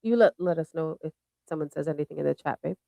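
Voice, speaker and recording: Host: bubbly woman, low-pitched voice, close dry sound, casual stream talk. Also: quick pace, vocal fry, dark tone, dry recording. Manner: bubbly, thanks viewers by name. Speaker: show host. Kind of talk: casual livestream chat.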